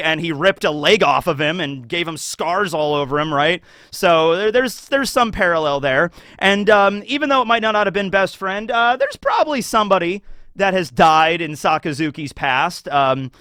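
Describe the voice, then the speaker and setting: Bright, animated man talking casually. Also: on the high side, no room sound, studio quality. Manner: animated, swears, laughs easily. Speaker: anime commentary YouTuber. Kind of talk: casual commentary.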